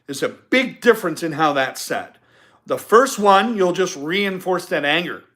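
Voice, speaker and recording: A man's voice: high-pitched, animated, unhurried, fairly bright tone. A man hosting a live-stream podcast, giving an emphatic motivational talk and repeating his key points. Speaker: podcast host.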